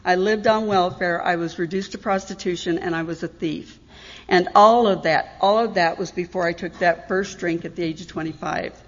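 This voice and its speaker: A woman's voice: on the low side, moderate pace. A middle-aged woman giving a candid, wry personal testimony at a recovery meeting, often laughing at herself. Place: meeting hall. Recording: dull audio in a reverberant hall.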